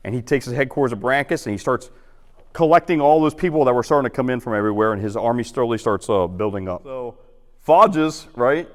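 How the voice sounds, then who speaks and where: A man's voice: mid-range voice, in a large hall. Man giving a chatty history talk. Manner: acts out quotes in lively voices, chatty. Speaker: guest historian. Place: lecture hall.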